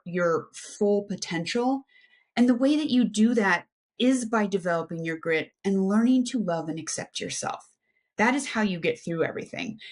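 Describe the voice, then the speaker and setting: A woman in her fifties from the United States, a podcast guest telling her life story with energy, talking at length in long flowing runs. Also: medium pitch. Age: 50s. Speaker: guest, aerospace engineer and adventure athlete. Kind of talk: animated personal storytelling.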